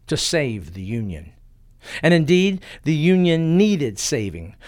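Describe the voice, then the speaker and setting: A man narrating a scripted history story in a dramatic storytelling manner, slowing and dropping his voice for emphasis. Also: on the high side, no echo, clean studio sound.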